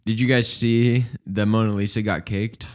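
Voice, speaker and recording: Young male co-host, lower voice, easygoing rambling chat. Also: normal speed. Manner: relaxed, rambling with fillers. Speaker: podcast co-host. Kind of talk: casual chat.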